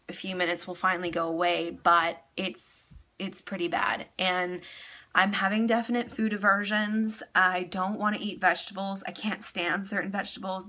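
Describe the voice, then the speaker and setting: A woman's voice: medium pitch, pushed and bright. A young woman talking candidly in a casual personal vlog, chatty and full of ums, emotional and close to tears. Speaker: vlogger.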